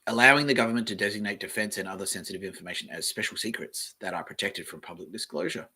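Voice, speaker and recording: A man hosting a casual solo podcast, reading aloud from the web and thinking out loud in a rambling way, with the odd swear. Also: on the low side, fast, breathy edge. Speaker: podcast host.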